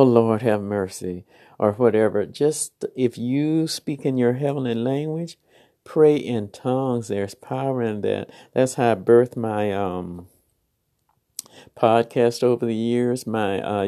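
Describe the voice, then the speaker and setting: Woman host, late-night devotional talk, mellow and drowsy, tender and rambling. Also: very deep voice. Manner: tender, affectionate, rambling with repeated "oh, yes". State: half sleepy. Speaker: podcast host and spiritual encourager.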